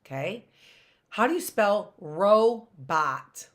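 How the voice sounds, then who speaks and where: A middle-aged woman teaching a phonics lesson to young children, slowly sounding out words and spelling them letter by letter. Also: mid-range voice, expressive. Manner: slow, sounding out words syllable by syllable.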